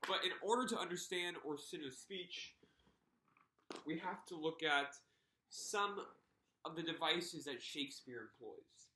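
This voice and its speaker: A young man teaching a video lesson, in an animated, teasing way, and acting out lines with emphasis. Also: fairly high pitch, reverberant. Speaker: literature teacher.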